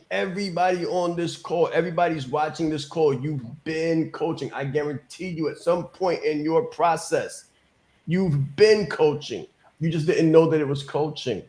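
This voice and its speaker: A man's voice: fairly high pitch, moderate pace, darkish tone. A man giving an emphatic motivational business coaching talk on a call, repeating key phrases and often asking "right?".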